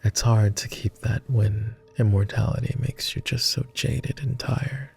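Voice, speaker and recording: A man voicing a jaded, tender immortal vampire in a whispered role-play, with a posh British accent and a slow, gentle, teasing manner. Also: steady tone, faint music behind. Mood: wistful. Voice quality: low, gravelly and soft.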